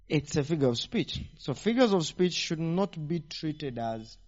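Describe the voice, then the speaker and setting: Man preaching, animated, rhetorical questions, fairly high voice, muffled recording. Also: normal speed. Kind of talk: sermon teaching. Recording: dull lo-fi sound.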